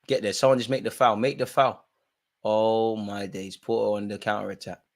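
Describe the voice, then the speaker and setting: A young man runs a live football watch-along, full of excitement and slang, lurching between loud outbursts and quiet mutters. He talks at a moderate pace.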